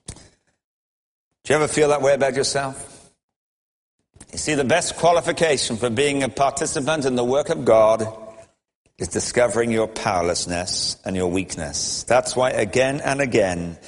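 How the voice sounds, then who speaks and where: A man's voice: mid-range voice, in a large hall. A male preacher delivering a sermon in a storytelling manner, with wry chuckles.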